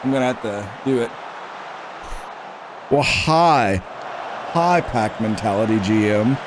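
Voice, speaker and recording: A man's voice: on the low side, lively intonation, slow pace, background noise. A man streaming a football management game, chatting casually and reading the game's prompts aloud as he reacts to them. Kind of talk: casual gameplay commentary.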